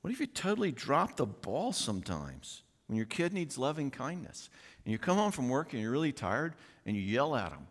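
Middle-aged man, folksy conference speaker, lively pitch, reverberant hall. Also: normal speed. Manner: animated and folksy, acts out quoted voices. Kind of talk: conference talk. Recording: long reverb of a large hall.

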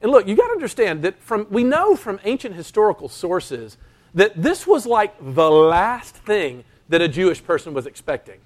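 A man preaching a sermon, emphatic and animated, slowing for dramatic pauses and acting out quoted lines. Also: high voice. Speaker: pastor.

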